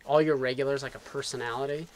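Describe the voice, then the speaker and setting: An American man telling stories in casual chat, lively and mimicking the people in his anecdotes. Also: medium pitch, fast talker, a little hiss or hum. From United States. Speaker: climber recounting a year abroad. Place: outdoors at a climbing area.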